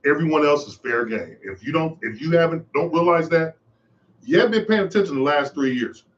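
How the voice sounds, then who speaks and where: A man's voice: on the high side, lively intonation, fairly quick, dull audio. A man hosting his own podcast, giving an impassioned, preachy monologue and repeating his phrases for emphasis. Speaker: podcast host. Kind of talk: monologue commentary.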